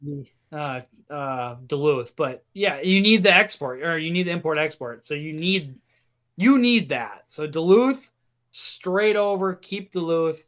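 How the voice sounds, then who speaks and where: A man from Wisconsin co-hosting an outdoors podcast, opinionated and halting as he chats casually. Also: on the high side, expressive, fairly bright tone. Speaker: podcast co-host. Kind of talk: casual chat.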